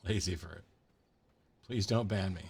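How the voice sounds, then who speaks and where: A man's voice: low voice, normal speed, gravelly, darkish tone, husky. A middle-aged man streaming a game, casually talking to chat, frustrated and sweary with dry asides. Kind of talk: casual livestream commentary.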